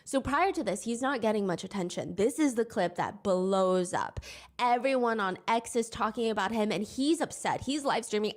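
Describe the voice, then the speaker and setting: A woman's voice: mid-range voice, moderate pace. A woman narrating a storytime commentary in a conversational, wry way. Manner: reenacts quotes in a raised, mocking voice. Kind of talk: storytime commentary with quoted clips.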